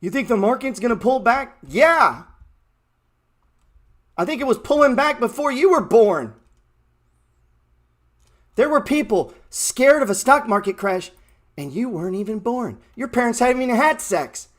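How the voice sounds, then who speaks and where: A man's voice: very high-pitched, expressive, a little slow, long pauses. A man in his thirties hosting a trading show, giving a blunt, mocking, profane motivational rant. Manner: blunt, brash and mocking, heavy swearing.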